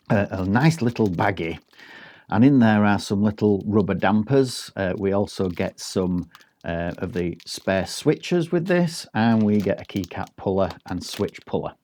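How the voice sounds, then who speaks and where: A man's voice: fairly low pitch, mellow. A man giving a casual, rambling product review, with frequent ums and restarts. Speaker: tech reviewer.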